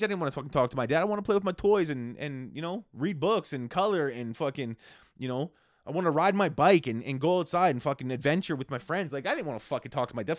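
Animated profane man ranting. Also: high-pitched, dry recording, clean studio sound. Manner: profane, animated ranting with swings from loud to hushed. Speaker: podcast host. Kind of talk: casual solo podcast rant.

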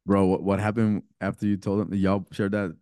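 A man's voice: sits low, little pitch movement, normal speed, dark tone, smooth, no room sound, clean studio sound. A man in casual podcast chat, reacting briefly and asking follow-up questions.

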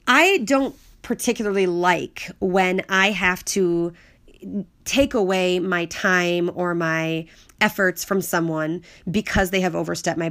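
A woman's voice: lowish voice, creaky, a bit bright. A woman talking earnestly about setting boundaries, emphatic and repeating key phrases for weight. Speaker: speaker on personal growth. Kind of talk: reflective monologue.

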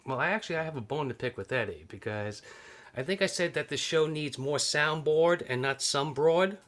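A man's voice: fairly high pitch, lively intonation, normal speed, a bit bright. A young man co-hosting a horror podcast, teasing the others and laughing a lot. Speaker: podcast co-host. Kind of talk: casual horror podcast chat.

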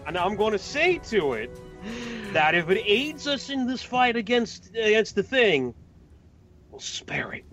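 A man playing a tabletop game, excitable and hamming up his risky moves. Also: high-pitched, a little slow, lo-fi sound, soft background music. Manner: excitable and hammy, hypes his own moves. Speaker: player. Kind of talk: casual tabletop game chat.

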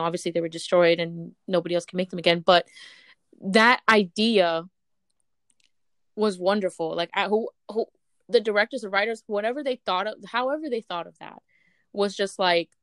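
A woman's voice: mid-range voice, no echo, studio quality. A woman chatting as a podcast co-host over a speakerphone call, gushing and breathless, breaking into squeals. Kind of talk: excited fan chat.

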